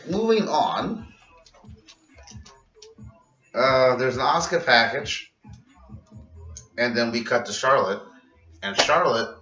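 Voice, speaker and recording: A man's voice: mid-range voice, pushed and bright, recorded from a distance. A man casually recapping a wrestling show in a rambling, profane vlog, laughing at his own jokes. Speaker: vlogger reviewing wrestling. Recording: roomy, muffled and off-mic.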